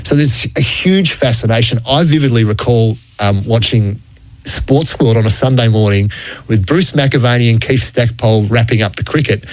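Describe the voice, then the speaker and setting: A middle-aged Australian man telling cricket history stories on sports radio, relaxed and chatty, often chuckling as he goes. His mid-pitched voice is close and dry on a studio mic, with no room sound at all. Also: normal speed, dry recording, rough recording. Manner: chatty, chuckles through the anecdotes. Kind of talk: anecdotal storytelling on sports radio.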